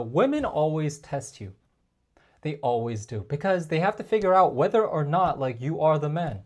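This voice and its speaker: A man coaching male viewers on dating in a casual, chatty talk to camera, often calling them guys and filling pauses with like and um. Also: fairly high pitch. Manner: chatty, addresses viewers as guys, frequent fillers.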